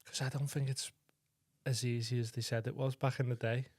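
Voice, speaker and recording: A man co-hosting a comedy podcast is tipsy on vodka, giggling through crude, rambling stories and laughing a lot. His medium-pitched voice is level and fairly quick, on a dry, clean studio recording.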